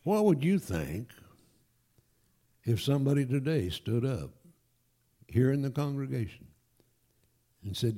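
A man preaching a sermon to his congregation, emphatic and animated, with folksy asides. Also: mid-range voice, a little slow, pauses often. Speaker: pastor. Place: church.

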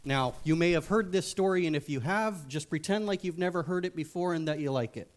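A man's voice: fairly high pitch, a little fast. A man giving a casual sermon as a youth pastor, joking and speaking frankly.

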